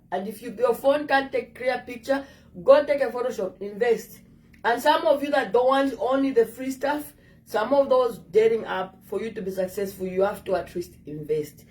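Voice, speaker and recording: A woman's voice: on the high side, a little mellow, distant mic. A woman with an African English accent giving direct, coaxing dating advice to her viewers in a casual monologue.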